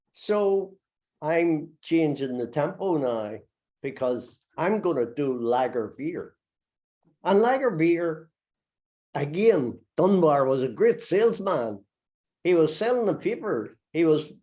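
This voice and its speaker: A man hosting a poetry remembrance program, praising the readers and explaining the poems in an unhurried, appreciative way. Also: medium pitch, warm tone. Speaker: program host and storyteller.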